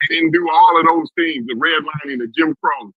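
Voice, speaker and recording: A man in a casual podcast debate, quick to interrupt and animated. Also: on the high side, no echo, narrow, tinny audio. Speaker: podcast panelist.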